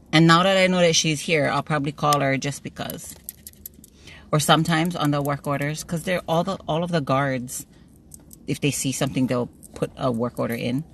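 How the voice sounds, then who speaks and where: A middle-aged woman vlogger chats casually to her phone camera from a parked car, laughing often and telling playful stories. Her voice is low, with a little hiss or hum in the recording.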